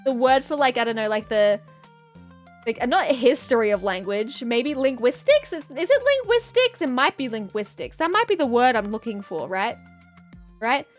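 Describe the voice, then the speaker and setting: A woman's voice: fairly high pitch, very animated, normal speed, faint music behind. A young woman streaming, rambling playfully and goofily as she chats with her viewers. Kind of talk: casual chat reading viewer comments.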